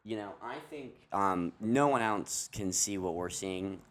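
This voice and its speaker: Easygoing low-voiced man who laughs often. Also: a little slow, a bit bright. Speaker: podcast co-host, wholesale manager. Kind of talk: casual chat. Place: outdoors by a parking lot.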